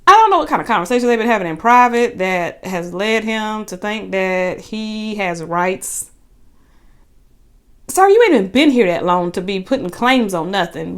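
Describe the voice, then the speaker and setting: A woman recapping a reality show in a casual, chatty way, with sassy asides. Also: mid-range voice. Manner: chatty, sassy asides, quick paraphrased quotes.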